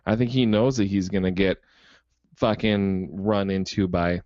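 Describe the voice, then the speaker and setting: A man's voice: deep voice, steady tone, measured pace, a little mellow, no echo, lo-fi sound. A man co-hosting a podcast, talking about films in a laid-back, wry way with casual swearing. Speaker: podcast co-host. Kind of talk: casual film discussion.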